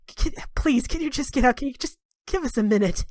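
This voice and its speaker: A woman's voice: sits high, expressive, a little fast, darkish tone, no room sound, pitched above the performer's own voice. A woman voicing a grieving male dwarf in a tabletop game, pleading and snapping angrily, in a dry room.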